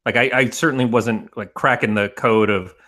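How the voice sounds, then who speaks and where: A man with a bright, forceful voice rambles through casual podcast chat. He swears freely and laughs as he goes. His pitch sits at an ordinary middle height for a man. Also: fairly even intonation, normal speed. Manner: rambling, profane, laughs often. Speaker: podcast co-host.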